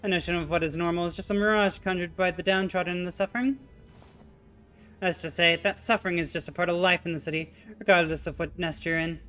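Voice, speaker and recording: A streamer voicing a pompous, impatient male factory owner in a game, with an exaggerated put-on Italian accent and brisk, boastful delivery. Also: mid-range voice, fairly even intonation, fairly bright tone, soft background music, natural voice. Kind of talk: reading game dialogue aloud.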